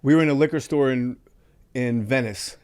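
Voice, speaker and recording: A man hosting a podcast, telling profane, animated stories in casual chat and acting out the people he quotes. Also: medium pitch, moderate pace, clean tone, no room sound. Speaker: podcast host.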